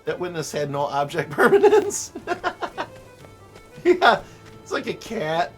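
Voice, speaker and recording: Streamer, joking game commentary, light laughs, slightly high voice, faint music behind. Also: male voice, huge pitch swings, slow pace. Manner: joking, laughs often, self-mocking. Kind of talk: casual let's-play commentary.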